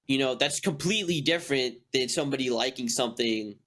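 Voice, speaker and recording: A young man co-hosting a podcast, talking casually in a halting way with many fillers. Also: medium pitch, sharp tone. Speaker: podcast co-host. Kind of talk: casual chat.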